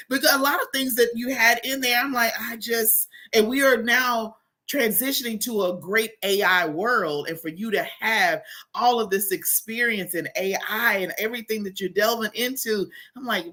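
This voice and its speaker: Bright-voiced lady hosting, gushing and laughing a lot, video call. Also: mid-range voice, normal speed. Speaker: host. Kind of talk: lively talk-show chat.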